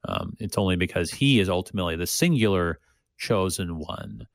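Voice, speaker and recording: A man's voice: low voice, lively intonation, normal speed, creaky, no room sound, studio quality. A man co-hosting a casual Bible discussion, talking with many restarts and fillers and reading passages aloud. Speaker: Bible study co-host.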